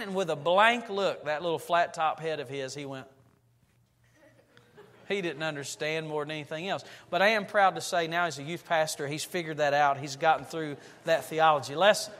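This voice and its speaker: A pastor preaching a sermon in a church, telling stories and building to loud, emphatic passages. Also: male voice, on the high side, moderate pace. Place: church sanctuary. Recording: long reverb of a church hall.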